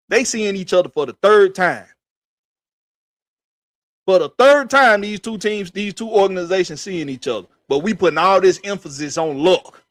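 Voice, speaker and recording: A man's voice: sits high, a bit bright, no echo. A man hosting a sports podcast, ranting in a profane, emphatic, repetitive way. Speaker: podcast host. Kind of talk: heated sports rant.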